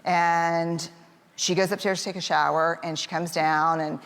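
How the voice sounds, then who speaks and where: A woman's voice: fairly low pitch, steady tone, a little slow, a bit bright. Chatty woman in an echoey hall. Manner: chatty, with lots of fillers and laughs; acts out voices of family members in quotes. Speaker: parent telling a personal story. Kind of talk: casual personal storytelling talk. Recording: echoey hall with faint background noise.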